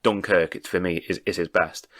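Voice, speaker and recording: Very deep-voiced man, opinionated podcast host. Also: fairly even intonation, normal speed, a bit bright. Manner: opinionated, talks at length and explains his views. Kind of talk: casual film discussion.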